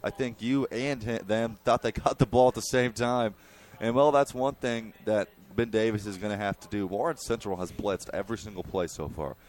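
A young man giving color commentary on a high school football game, explaining play calls like a coach. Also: moderate pace, darkish tone.

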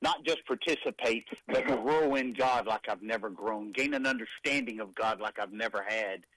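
A man from East Texas, a guest on a call-in ministry broadcast, talking in an excited, folksy way. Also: fairly low pitch, moderate pace, no echo, low-quality recording.

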